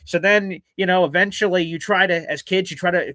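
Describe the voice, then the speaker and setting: A man's voice: high voice, fairly quick, hardly any pauses, dry recording. A man hosting a call-in radio show, telling a story casually and acting out the voices in it. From South Carolina. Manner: animated, acts out voices in his stories.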